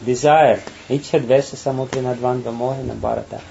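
Laughing, halting man giving a spiritual talk. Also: mid-range voice, fairly even intonation, gravelly, warm tone. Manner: halting, repeats words, laughs often. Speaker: spiritual teacher. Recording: dull, faint background noise.

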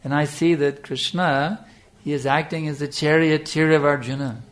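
A man voicing a humble, tearful, devoted old temple priest in a sermon story, speaking softly and earnestly. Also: on the high side, steady tone, normal speed, lightly acted.

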